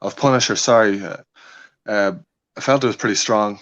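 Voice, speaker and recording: A man's voice: on the low side, steady tone, moderate pace, fairly bright tone. A man from Ireland with an Irish accent, chatting as a guest in a casual video call, jokey in manner. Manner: jokey, slips into put-on American voice. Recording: dull lo-fi call audio.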